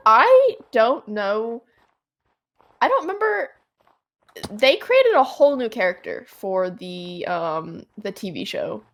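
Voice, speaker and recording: A woman's voice: on the high side, big pitch swings, takes it slowly. A woman co-hosting a casual podcast chat while gaming, rambling with frequent laughs. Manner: rambling, many fillers and restarts, laughs often. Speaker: podcast co-host.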